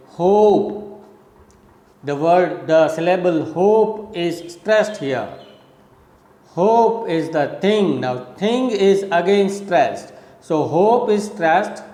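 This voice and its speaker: A slow, measured male lecturer talks through his points one at a time, repeating words as he counts them off. His voice sits a little high. The room is echoey and the reverb hangs long after each phrase. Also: darkish tone. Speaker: college lecturer. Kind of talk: recorded classroom lecture.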